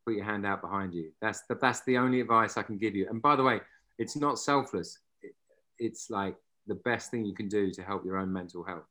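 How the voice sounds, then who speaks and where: A man, an actor, telling a lively anecdote in a casual interview and swearing freely. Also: lowish voice, fairly quick. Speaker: actor and podcast guest.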